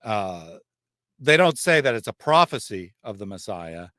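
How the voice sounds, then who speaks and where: A man's voice: fairly low pitch, sing-song, a little slow, bright, forceful tone, no echo, studio quality. A man hosting a livestream, reading out chat comments and explaining in a conversational, thinking-aloud way. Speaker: channel host. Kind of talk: livestream discussion.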